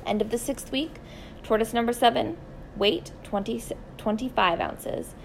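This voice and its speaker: A woman reading a children's story aloud, expressive and deliberate, slowing down for emphasis. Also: on the high side, vocal fry, a little hiss or hum, rough recording.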